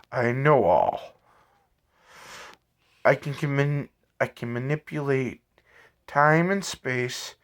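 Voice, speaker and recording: A man voicing a calm, cryptic, godlike young man who speaks in slow, grand declarations. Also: medium pitch.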